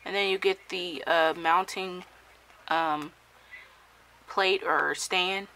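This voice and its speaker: A woman's voice: fairly low pitch, steady tone, takes it slowly, noisy background. A woman casually reviewing and unboxing a gadget, talking hesitantly with many ums and self-corrections. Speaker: product reviewer.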